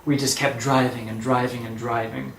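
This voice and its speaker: A man telling a personal story, lively and acting out the dialogue. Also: medium pitch, moderate pace, gravelly, roomy sound, poor audio. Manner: animated, acts out quoted dialogue.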